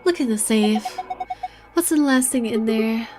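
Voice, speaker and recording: A woman streaming a game, chatting along casually with excitable energy and a habit of swearing. Her voice sits fairly high. Soft game music plays in the background. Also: unhurried. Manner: excitable, swears and laughs often. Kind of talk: casual gameplay commentary.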